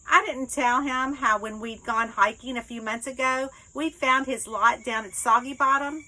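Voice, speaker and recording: A woman author narrating her own novel in the first person, with lively, expressive storytelling. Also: high voice, normal speed, hardly any pauses, rough recording. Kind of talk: first-person book reading.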